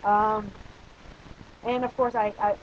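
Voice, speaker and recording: A man's voice: high-pitched, level tone, slow, highs cut off, a little hiss or hum. A young man giving a casual, opinionated spoken movie review, rambling with frequent restarts and fillers.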